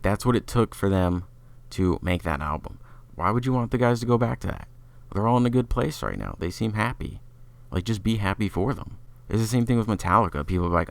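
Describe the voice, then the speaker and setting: Low, gravelly-voiced man reviewing an album. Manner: opinionated, rambling with frequent "like" fillers. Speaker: podcast host.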